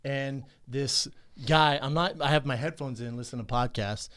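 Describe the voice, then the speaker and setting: A man's voice: medium pitch, moderate pace, a bit bright, clear, resonant tone. A man in his thirties co-hosting a podcast, telling stories in a loose, profane way. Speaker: podcast co-host, fighter. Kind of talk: casual podcast chat.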